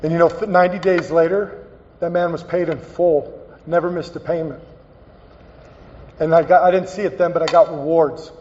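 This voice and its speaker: A man giving a personal, earnest recovery talk as a guest speaker, halting and repeating phrases as he tells his story. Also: fairly high pitch, steady tone, a little mellow. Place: meeting hall. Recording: dull, echoey hall recording.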